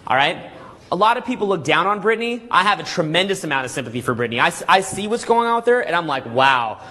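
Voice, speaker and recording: A man giving a live seminar lecture to a room of people, energetic and full of rhetorical questions and "okay?" checks, acting out scenes as he tells them. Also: high voice, very fast. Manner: acts out scenes with vivid storytelling. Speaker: seminar speaker.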